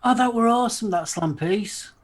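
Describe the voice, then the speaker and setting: A man with a Yorkshire accent co-hosting a casual chat and speaking in a relaxed, reflective way. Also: very high-pitched, normal speed. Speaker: podcast co-host.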